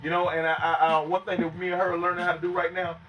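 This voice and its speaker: A young man guesting on a casual podcast, telling stories in an animated, profane way and acting out other people's voices. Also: high voice, fast talker, slight background noise. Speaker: guest and concert host. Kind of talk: casual podcast chat, storytelling.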